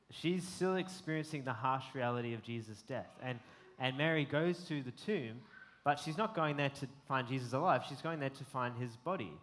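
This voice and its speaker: Earnest man preaching a sermon. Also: medium pitch. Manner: earnest, reflective, frequent ums. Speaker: pastor.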